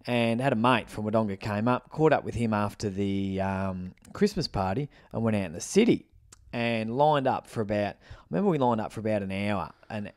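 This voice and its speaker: A man's voice: fairly low pitch, animated, a little fast, a little mellow, dry recording, studio quality. A middle-aged Australian man, co-hosting a podcast, telling a long rambling story with lots of swearing. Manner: rambling anecdotes, swears freely. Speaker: podcast co-host. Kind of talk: casual storytelling chat.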